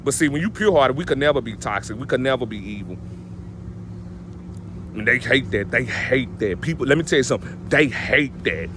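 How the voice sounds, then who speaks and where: A man's voice: mid-range voice, lively intonation, fairly quick, noisy background. A man giving casual motivational advice, emphatic and preachy, often repeating his stock phrases. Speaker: vlogger giving life advice.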